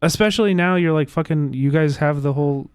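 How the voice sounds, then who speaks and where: A man hosting a livestream, talking casually in an animated, profane, rambling way with many restarts. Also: on the high side, fairly quick, clean tone, no room sound, clean studio sound. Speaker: livestream host. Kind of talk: casual reaction chat.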